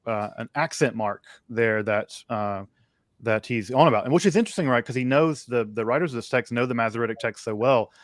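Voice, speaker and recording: A man co-hosting a live text study, explaining in a measured, thoughtful way with frequent fillers. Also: medium pitch, no echo, studio quality. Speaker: co-host of a text study livestream. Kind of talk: conversational scholarly explanation.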